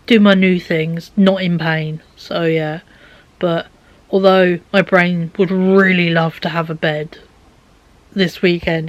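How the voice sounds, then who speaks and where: Tired girl rambling at her camera in her bedroom, lowish voice, keeps going quiet and whispery. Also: dry recording, muffled recording. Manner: tired, rambling, drifts into soft near-whispers. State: exhausted. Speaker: vlogger. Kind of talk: casual vlog chat. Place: bedroom at home. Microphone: handheld camera.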